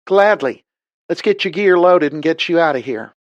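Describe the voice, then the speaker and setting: A man voicing a tough, brisk woman pilot with a Southern accent and a light drawl. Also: low voice, lively intonation, no echo, highs cut off, pitched above the performer's own voice.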